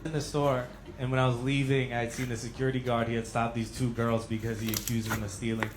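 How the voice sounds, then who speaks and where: A man doing stand-up, telling an anecdote with a deadpan touch. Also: mid-range voice, quick pace, heavy background noise. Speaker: stand-up comedian. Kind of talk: stand-up set.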